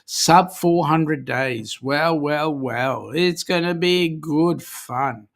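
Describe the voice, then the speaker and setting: A man with an Australian accent, originally from South Africa, hosts a livestream and chats while reading out viewer comments. His voice is fairly high, creaky, and extremely slow.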